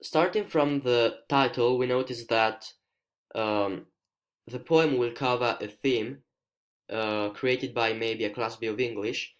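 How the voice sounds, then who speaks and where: A male student with an Italian accent, a native Italian speaker, explaining a poem in a screencast lesson, careful and hesitant, pausing to find his words. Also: medium pitch. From Italy.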